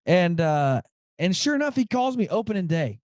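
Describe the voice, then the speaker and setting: Podcast host guy telling a story, really lively voice, slightly high, dry close sound. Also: normal speed, no room sound. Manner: animated, quotes friends in dialogue, says dude a lot. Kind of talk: casual storytelling chat.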